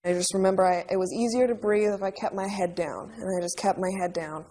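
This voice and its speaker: A woman's voice: mid-range voice, steady tone, warm tone, slight background noise, low-quality recording. Woman recalling a frightening childhood memory. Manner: halting, vivid retelling. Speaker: interviewee. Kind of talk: emotional personal recollection. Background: music underscore.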